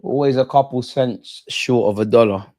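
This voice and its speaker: A man hosting a live football watch-along, chatting in excitable, slangy banter with his viewers. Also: mid-range voice, normal speed, dry recording. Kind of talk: live fan commentary and chat.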